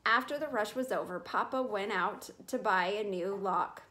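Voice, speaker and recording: A woman reading a children's chapter book aloud in a clear, steady storytelling manner. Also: medium pitch, moderate pace. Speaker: reader.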